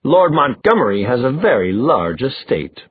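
A man's voice: medium pitch, very animated, moderate pace, husky, no room sound. A man voicing an awkward, good-humored young man in an audiobook. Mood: mock-gravelly. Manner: awkward, joking. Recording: dry, phone-like thin sound.

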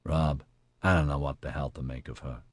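A man voicing a level-headed male squad leader who speaks in a calm, measured way. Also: a bass voice, breathy edge, no echo, clean studio sound, voice pushed down. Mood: steady.

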